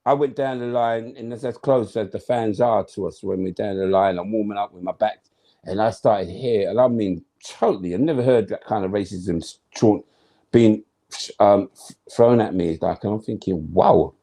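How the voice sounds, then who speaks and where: With a dark voice on the low side at normal speed, a former footballer shares stories as an interview guest. The conversation is animated; he speaks emphatically, uses slang and acts out what he was thinking.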